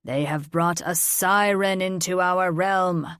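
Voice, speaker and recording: A gruff, domineering dragon king, voiced by a woman reading an audiobook. He speaks slowly and loudly with a rough edge, in a dry, close recording. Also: on the low side, steady tone, dry recording. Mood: blustering. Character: blustering, hot-tempered male dragon king. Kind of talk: audiobook character voice.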